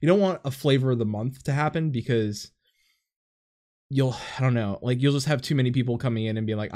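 A man's voice: medium pitch, brisk, warm tone. A man co-hosting a casual gaming podcast over voice chat, rambling with lots of fillers. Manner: rambling, filler-heavy, laughs often. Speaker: podcast co-host. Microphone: headset over voice chat.

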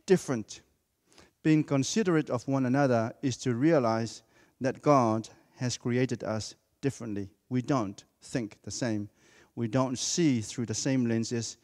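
A man's voice: medium pitch, darkish tone, in a large hall. A man preaching a sermon in a church, speaking emphatically and repeating key words for effect.

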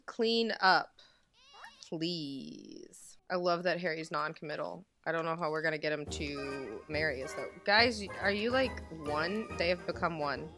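A woman's voice: fairly low pitch, expressive, a little slow, fairly bright tone, faint music behind. A young woman hosting a gaming video, chatting casually and talking to her game characters as she plays. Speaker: gaming channel host. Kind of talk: casual let's-play commentary.

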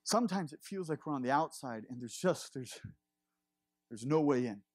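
A man's voice: on the high side, lively intonation, moderate pace, no echo. A man in his thirties preaching a sermon, impassioned and confessional, with laughing asides. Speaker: pastor.

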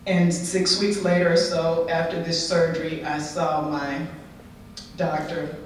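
A woman's voice: deep voice, level tone, unhurried, a little hiss or hum. A middle-aged woman giving an inspirational conference talk, telling her own story with candid humor. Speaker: conference speaker. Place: large conference hall. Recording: echoey hall, distant mic.

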